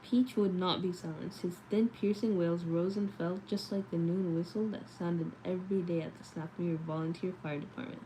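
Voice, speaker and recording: A woman's voice: on the low side, fairly even intonation, normal speed, hardly any pauses, warm tone, a little hiss or hum, poor audio. A woman reading a novel aloud at night and chatting casually between passages, sleepy and chatty. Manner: sleepy, chatty, answers chat comments. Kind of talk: late-night read-aloud and casual chat.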